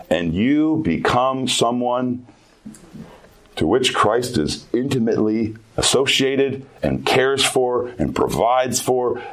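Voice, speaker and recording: A man giving a youth sermon as pastor, earnest and emphatic, repeating key phrases for weight. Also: mid-range voice.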